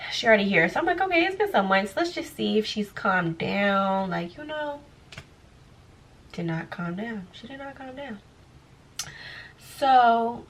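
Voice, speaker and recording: A young woman, a lash tech, telling a story casually and acting out what people said with big jumps in pitch. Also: recorded from a distance, rough recording. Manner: animated, acts out quoted dialogue with big pitch jumps. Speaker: lash technician vlogger.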